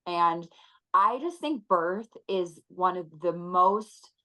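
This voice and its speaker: A woman in her thirties speaks as a podcast guest, and her voice sits a little low. She talks in an earnest, reflective way, with the odd soft laugh. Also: lively intonation, takes it slowly, poor audio. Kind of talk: conversational interview.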